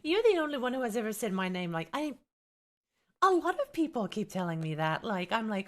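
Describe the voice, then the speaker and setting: A woman's voice: fairly high pitch, sing-song, fairly quick. A young woman with a light Finnish accent, streaming live as a tabletop game content creator, chatting with viewers in a teasing way and reading from a rulebook. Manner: chatty, reacts to viewers, teasing, exasperated laughs.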